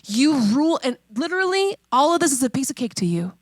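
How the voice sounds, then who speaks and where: Woman pastor in her thirties, slightly high voice, dry close sound, chatty emphatic sermon delivery. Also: big pitch swings, no echo. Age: 30s. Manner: conversational, emphatic, with repeated questions and slowed key phrases.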